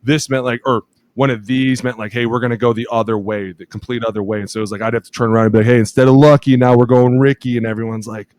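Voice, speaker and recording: A man in his thirties, a podcast co-host telling lively locker-room stories, acting out quotes and laughing often. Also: on the low side, racing, few pauses, dry recording. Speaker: podcast co-host, former offensive lineman. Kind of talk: casual chat, animated storytelling.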